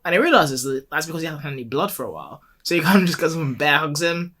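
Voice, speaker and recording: Young male podcast co-host, bright upbeat tone, joking casual recap. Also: fairly high pitch, sing-song, rapid-fire. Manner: joking recap full of acted quotes and laughs. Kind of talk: casual chat.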